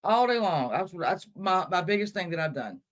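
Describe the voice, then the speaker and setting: A woman's voice: fairly low pitch, big pitch swings, moderate pace. Chatty woman livestreaming, voice jumps all over, cussing and laughing at herself. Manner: scattered, chatty, cursing, self-mocking. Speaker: livestream host. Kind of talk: casual livestream chat.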